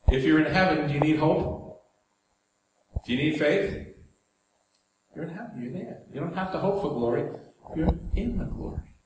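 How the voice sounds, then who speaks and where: A man preaching a sermon in a conversational way, with asides and jokes to the congregation. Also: a little high. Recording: very echoey hall, faint background noise.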